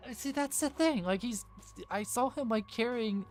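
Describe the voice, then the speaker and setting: A man's voice: extremely high pitch, moderate pace, faint music behind. A man narrating as game master of a tabletop game, rambling with many fillers.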